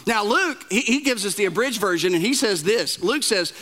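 A male pastor delivers a sermon in a loose, storytelling way, joking at his own expense. He stumbles into his sentences, repeating the first words before he finds his point. His voice sits high and sounds bright and forward. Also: lively intonation. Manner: conversational storytelling with self-deprecating humor; halting, repeats words when starting sentences.

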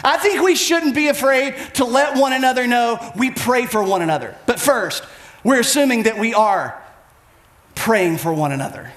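High, lively-voiced male preacher. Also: moderate pace, roomy sound. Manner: emphatic, repetitive preaching cadence. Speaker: pastor. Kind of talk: sermon.

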